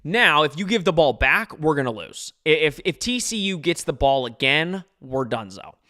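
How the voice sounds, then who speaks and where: A man's voice: on the high side, normal speed. A young man hosting a live watch-along podcast, reacting anxiously to a football game and answering chat viewers. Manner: anxious, excitable, talks to chat readers. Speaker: podcast host.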